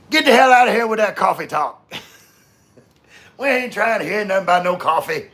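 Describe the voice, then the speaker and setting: A man putting on a high, loud voice to play an exasperated man scolding a friend in mock outrage. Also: expressive, moderate pace, long pauses.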